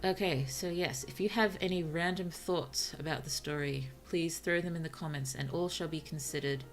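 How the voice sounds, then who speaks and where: A woman's voice: deep voice, moderate pace, soft background music. A woman with an Australian accent chatting casually on a livestream, musing aloud and laughing often. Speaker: streamer and writer.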